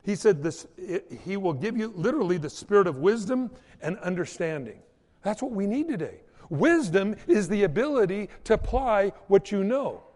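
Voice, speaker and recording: Male pastor, high and animated delivery, echoing hall, storytelling sermon. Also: normal speed. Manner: storytelling with quoted voices and asides.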